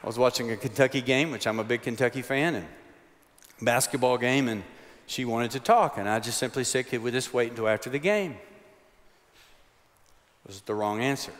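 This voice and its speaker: A man's voice: medium pitch, fairly quick, long pauses, fairly bright tone. A man, preaching a chapel sermon with folksy, humorous storytelling. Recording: long hall reverb.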